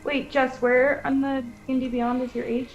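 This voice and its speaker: A woman player in a tabletop game, asking quick, soft-spoken questions. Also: high-pitched, level tone, lo-fi sound, faint music behind. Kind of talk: casual tabletop play.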